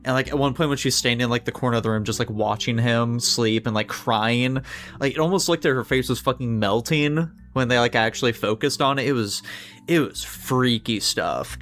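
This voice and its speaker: A man in the middle of a casual podcast chat, picking apart a horror movie. His pitch sits in a plain middle range, and he talks loosely, swearing freely and leaning on "like" over and over. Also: a bit bright. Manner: loose and swearing, lots of "like" fillers. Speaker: podcast co-host.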